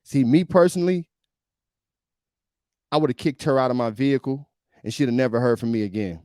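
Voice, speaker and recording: A man's voice: mid-range voice, fairly quick, mellow, no echo, studio quality. A male podcast host giving emphatic, preachy reaction commentary on a video, often repeating himself.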